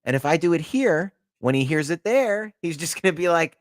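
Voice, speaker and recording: A man's voice: on the high side, expressive, brisk, no room sound, studio quality. A man hosting a podcast, a Navy veteran who tells wry anecdotes and acts out both sides of old arguments. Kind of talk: casual chat.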